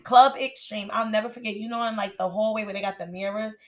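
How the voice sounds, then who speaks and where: A woman's voice: mid-range voice, fairly even intonation, fast talker. A young woman co-hosting a podcast, telling a story in casual chat and laughing often. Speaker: podcast co-host.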